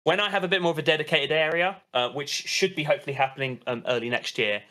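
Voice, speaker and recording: A man's voice: fairly high pitch, fairly even intonation, fast talker, sharp tone. A man hosting a podcast over a video call, enthusiastic and rambling, often restarting sentences. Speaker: podcast host.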